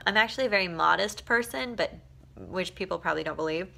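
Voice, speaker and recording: A young woman talks straight to her camera at home, audibly exhausted and a little giddy. Her voice is bright and forceful, and she laughs, swears and rambles freely in a casual vlog chat. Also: on the low side, fast, gravelly. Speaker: vlogger.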